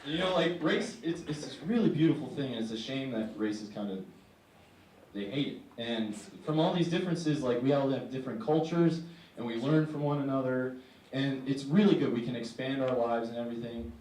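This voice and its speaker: A man's voice: mid-range voice, a little fast, a little mellow. Young man doing wry stand-up. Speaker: stand-up comedian. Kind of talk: stand-up comedy set. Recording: echoey room, distant mic, faint hiss.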